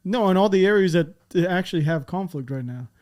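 A man hosts a casual podcast and offers his views in a loose, conversational way. His voice sits somewhat higher than most men's. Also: animated, brisk, darkish tone. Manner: conversational, opinionated. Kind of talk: casual chat.

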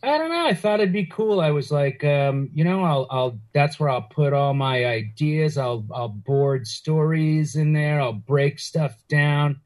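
A man's voice: fairly high pitch, unhurried, hardly any pauses, a little mellow. A man joining a podcast as a guest, chatting casually with wry, self-deprecating humor. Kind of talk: casual interview chat. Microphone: video call.

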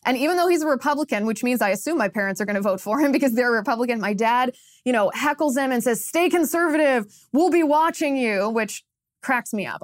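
A woman in her thirties hosting a political commentary podcast, telling stories in a chatty way with frequent laughs and quick restarts. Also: a little high, dry recording, clean studio sound. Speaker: podcast host.

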